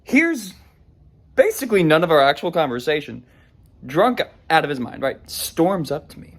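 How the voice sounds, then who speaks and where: A man's voice: on the high side, sing-song, moderate pace. Man rambling through a funny story. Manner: rambling, self-deprecating, frequent restarts. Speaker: vlogger. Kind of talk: casual storytelling vlog.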